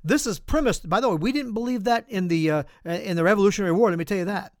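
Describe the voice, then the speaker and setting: An American man, a pastor, preaching a sermon with an animated, emphatic storytelling delivery. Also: high-pitched, fast, dry recording, studio quality. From United States.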